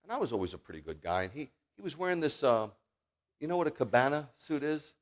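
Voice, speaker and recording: A man leading a Shabbat service, preaching a sermon that mixes scripture with folksy personal stories, swinging from loud declarations to quiet asides. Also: medium pitch, very animated, fast talker. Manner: folksy, joking, talks straight to the congregation. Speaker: congregation leader preaching.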